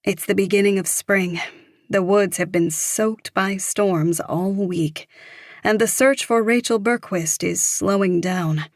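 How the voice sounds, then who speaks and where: A woman narrating a thriller audiobook in a measured, even storytelling manner. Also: medium pitch, dry recording, clean studio sound.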